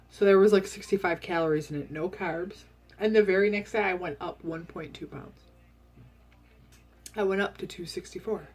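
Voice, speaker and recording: A woman's voice: medium pitch, husky. A woman vlogging a casual, candid diet update from home, chatty and full of ums. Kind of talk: casual chat.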